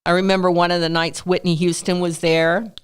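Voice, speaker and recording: Smooth-voiced woman telling lively stories. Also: lowish voice, fairly quick. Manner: animated storyteller, acts out quotes in raised voice. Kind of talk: casual storytelling in a podcast interview.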